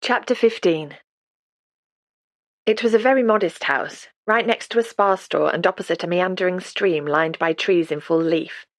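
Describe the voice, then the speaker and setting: A woman narrates an audiobook in a calm, measured way, her voice sitting on the low side. The sound is dry and close to the mic. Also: dry recording. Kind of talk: scripted narration.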